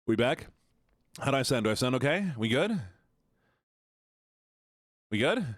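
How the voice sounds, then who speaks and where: A man's voice: medium pitch, very animated, a little slow, no room sound, clean studio sound. A man live-streaming in a playful, joking way, sounding nasal and stuffed-up as he teases his chat. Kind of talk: casual live-stream chatter.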